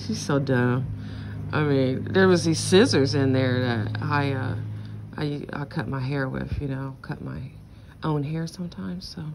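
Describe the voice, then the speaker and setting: A woman's voice: rumbling low, slight background noise. A middle-aged woman venting in a casual monologue, blunt, profane and rambling. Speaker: vlogger.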